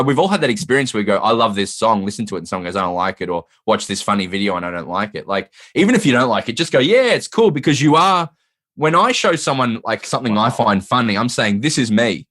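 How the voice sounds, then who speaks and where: A man from Australia, a comedian guest in casual chat, talking earnestly and haltingly and repeating his words. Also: medium pitch, a bit bright.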